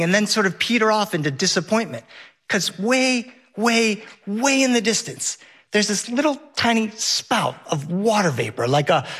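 A middle-aged man telling a comic personal story on stage, vivid and lively, briefly putting on a high whiny voice for his son. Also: husky.

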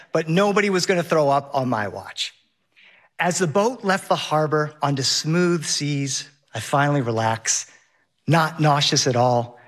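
A man telling a lively personal story on stage, vivid and laughing along the way. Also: on the high side.

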